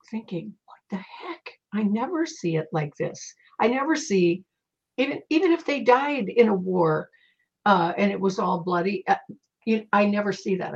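A middle-aged woman, a psychic medium, telling stories in an interview in a casual, animated way and acting out the voices she quotes. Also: medium pitch, slightly rough. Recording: slightly dull lo-fi recording.

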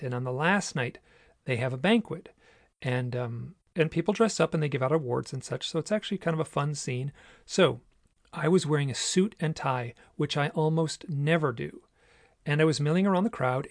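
A man hosting a podcast, telling a personal story in an earnest, measured way. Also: a little high, vocal fry, no room sound, clean studio sound. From United States. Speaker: podcast host. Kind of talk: reflective solo storytelling.

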